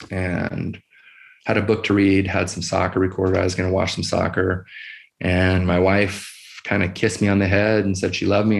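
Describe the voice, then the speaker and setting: Low, gravelly-voiced middle-aged man. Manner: quiet, measured retelling with many pauses. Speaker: emergency physician guest. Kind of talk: personal story in a podcast interview.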